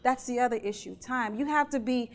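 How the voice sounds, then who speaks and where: High-voiced earnest woman giving a keynote. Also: fairly quick. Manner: earnest, animated, asks the audience questions. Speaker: keynote speaker. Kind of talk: conversational keynote talk.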